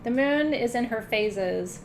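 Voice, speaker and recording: Speaking slowly with lively intonation and a fairly high pitch, this middle-aged woman hosts a live-streamed spiritual ceremony. She keeps it casual, pokes fun at herself, swears now and then and laughs a lot, with slight background noise present.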